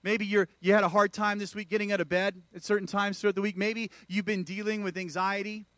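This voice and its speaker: A man's voice: high voice, flat delivery, brisk, fairly bright tone, no room sound. A man preaching a sermon in a church, calling out to the congregation. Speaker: pastor.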